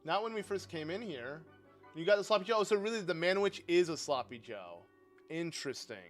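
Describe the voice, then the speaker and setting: A young man streaming a game, chatting casually and rambling as he answers his viewers, with sudden loud outbursts. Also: high-pitched, animated, brisk. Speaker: livestreamer playing a game. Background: game music.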